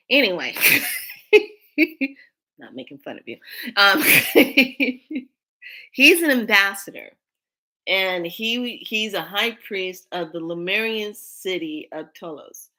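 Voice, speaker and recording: A woman hosting her own spiritual channel, telling a personal story in a casual, animated way, jumping from loud bursts to hushed asides. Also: mid-range voice, takes it slowly, long pauses.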